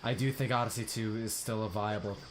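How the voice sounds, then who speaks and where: A man's voice: on the low side, brisk, a crowd in the background. A young man streaming a video game, chatting casually with viewers and groaning at missed jumps. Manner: relaxed chat, bursts of frustration at missed jumps. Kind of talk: casual gameplay commentary.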